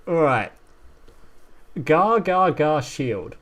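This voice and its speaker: A man's voice: medium pitch, expressive, a little fast. A man streaming casual commentary as he reviews game cards, reading card text aloud, swearing and laughing as he goes.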